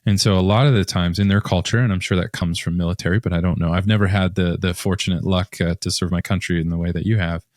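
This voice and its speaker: Deep-voiced admiring podcast host. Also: male voice, steady tone, fast talker, hardly any pauses, a little mellow, no echo, studio quality. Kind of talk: casual interview talk.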